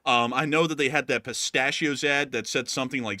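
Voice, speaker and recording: A man's voice: mid-range voice, fairly quick, pushed and bright, no echo, clean studio sound. A man hosting a casual war news show, rambling and joking with many fillers. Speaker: host.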